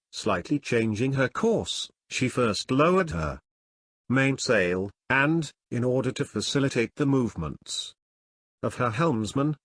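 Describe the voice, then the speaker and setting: A man narrating a classic adventure novel in a measured, expressive reading. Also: mid-range voice, no echo. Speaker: audiobook narrator. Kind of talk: scripted narration.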